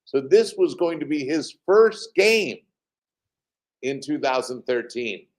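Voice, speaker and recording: A man, a team president, telling animated anecdotes as an interview guest, pausing often with fillers over a remote call. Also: a little high. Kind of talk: interview storytelling.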